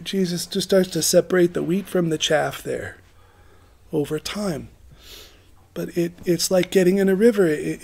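High-voiced man preaching casually. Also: vocal fry, a little mellow, breathy edge. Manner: rambling, self-mocking, laughs often. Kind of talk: informal sermon.

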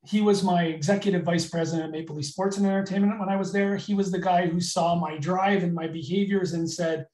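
Man, from Canada, leadership trainer, candid, energetic, video call, roomy, distant. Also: high voice, fairly quick, few pauses. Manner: energetic, candid, gets emotional. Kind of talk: live webinar training.

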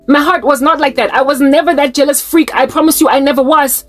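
A woman's voice: high voice, fairly even intonation, fast talker, few pauses, faint music behind. A South African woman giving an emotional faith monologue, pleading and passionate, often restarting mid-sentence. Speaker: Christian vlogger.

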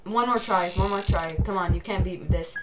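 A teenage girl giving excitable gameplay commentary, often shouting at the game. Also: on the low side, normal speed, very noisy.

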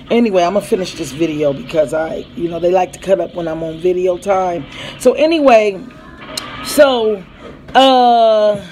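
In a low-quality recording with slight background noise, a woman with a lowish, darkish voice speaks at a moderate pace. A mother in her thirties, she's at home among her children, casually vlogging a rambling family story, acting out what people said and interrupting herself to call her kids.

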